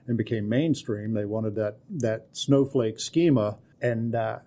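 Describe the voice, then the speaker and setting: A man in his forties co-hosting a podcast, with deadpan humor, giving long explanations in casual chat. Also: on the low side, unhurried. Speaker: co-host and technology partner.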